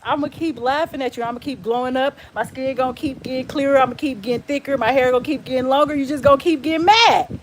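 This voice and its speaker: Blunt woman streaming live, kinda high voice, laughs a lot, talks back to her chat. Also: slight background noise. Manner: laughs often, blunt and defiant; talks back to viewers and comments.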